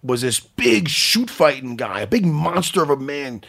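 A man in his forties hosting a casual chat, loud, profane and excitable, telling stories in fast bursts. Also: mid-range voice, gravelly. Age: 40s. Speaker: host.

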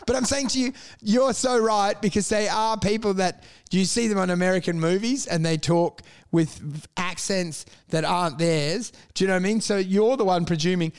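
Young man, high voice, animated storyteller, casual podcast chat. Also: clean tone. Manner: animated storytelling, swearing, quick laughs.

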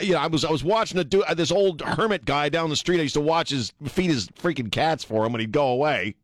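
A man's voice: a little high, a bit bright, dry recording. A man hosting a talk radio show, ranting emphatically and laughing with his co-hosts. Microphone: studio mic.

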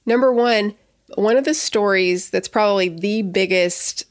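Chatty, excitable woman podcast host. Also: medium pitch, measured pace, no room sound, clean studio sound. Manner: chatty, excitable, rambling with restarts. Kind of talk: casual podcast chat.

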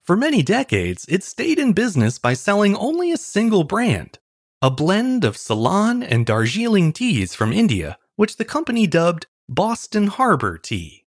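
A man's voice: sits high, wildly swooping pitch, normal speed, dry recording, studio quality. A man hosting a history podcast, reading a scripted story in a wry, storytelling way. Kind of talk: scripted narration.

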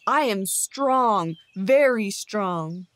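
Bedtime storybook bear, big and greedy, slow and loud with threats, voiced by a woman narrator. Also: medium pitch, animated, a little hiss or hum. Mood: menacing. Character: big greedy bullying male black bear.

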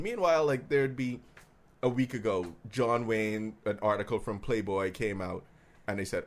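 A man's voice: fairly low pitch, moderate pace. A man co-hosting a podcast in casual chat, opinionated, arguing at length with his voice rising when worked up. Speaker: podcast co-host.

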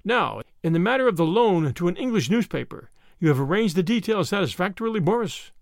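A man voicing a cold conspiracy leader who speaks softly with sibilant tones. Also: high-pitched, sing-song, a little fast, gravelly, no room sound, clean studio sound, exaggerated voice. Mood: cool. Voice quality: soft, sibilant.

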